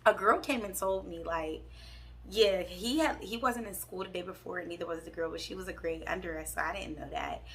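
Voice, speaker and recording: Sassy young woman with a gravelly edge. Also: lowish voice, brisk, a bit bright, slight background noise. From Pittsburgh. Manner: candid, sassy storytelling, addresses viewers as y'all. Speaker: vlogger. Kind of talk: storytime vlog.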